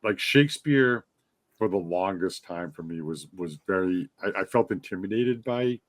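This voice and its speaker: A man hosting a podcast, joking and expressive in casual conversation. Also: deep voice, moderate pace, no room sound. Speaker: podcast host.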